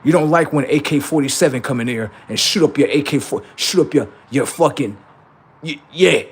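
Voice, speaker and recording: A man's voice: mid-range voice, brisk, husky. A man hosting a livestream, delivering a heated, profane and confrontational political rant that taunts his listeners. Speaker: livestream host.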